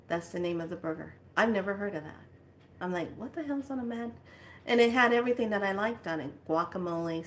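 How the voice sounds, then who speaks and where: Brief: woman, lowish, bright and forceful tone, chatty spiritual vlogger storytelling with laughs. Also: slight background noise. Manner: animated, laughing, squeals in quoted lines. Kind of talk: casual storytelling.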